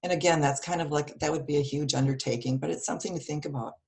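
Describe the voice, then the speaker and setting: A woman with a low, gravelly, hoarse voice gives earnest wellness advice over a video call. She talks steadily with plenty of ums and uhs. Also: fairly even intonation, quick pace, a little mellow. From Wisconsin, US. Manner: earnest, advice-giving, with many fillers. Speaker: guest speaker on wellness. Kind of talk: casual online meetup talk. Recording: video call audio with dropouts.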